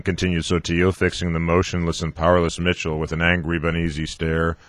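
On a radio show, a man with a low voice and a completely flat delivery reads a novel aloud, audiobook-style. He stumbles often, correcting himself with frequent restarts and filler sounds, and the recording is dry.

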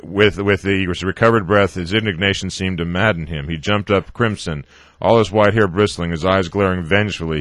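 A man reading a novel aloud, haltingly, often stumbling over words and correcting himself. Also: sits low, fairly bright tone, dry recording. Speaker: reader.

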